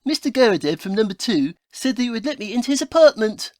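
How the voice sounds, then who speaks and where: A woman playing a haughty male detective, formal, scolding, lively pitch, comedy audio play. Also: fast, dry recording, clean studio sound. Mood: prim. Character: Sherlock Holmes, prim and haughty male detective.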